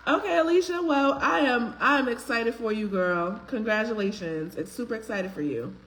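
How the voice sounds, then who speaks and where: A woman's voice: on the high side, expressive, moderate pace, a bit bright, low-quality recording. A woman, hosting a live faith-based talk stream, greeting viewers by name in a chatty way with frequent ums. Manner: uses casual slang, filler ums. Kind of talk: casual live-stream chat.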